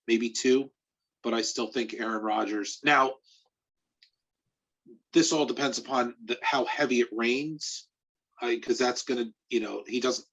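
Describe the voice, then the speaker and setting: A man who writes about sports, chatting on a podcast in a hesitant, halting way, with a husky voice. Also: medium pitch, fairly bright tone. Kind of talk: casual sports podcast chat. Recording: dull lo-fi recording.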